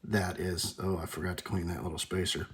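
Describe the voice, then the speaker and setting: A man's voice: low-pitched, fairly even intonation, a little fast, a bit bright. A man hosting a casual workshop video, talking through his work at a bench with dry, self-deprecating asides and muttered remarks. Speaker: host. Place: workbench.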